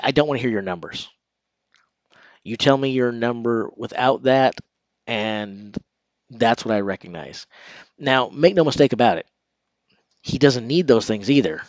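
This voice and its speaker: A man's voice: on the low side, no echo, muffled recording. A man hosting a casual live stream, chatting straight to his viewers. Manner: conversational, talks straight to viewers.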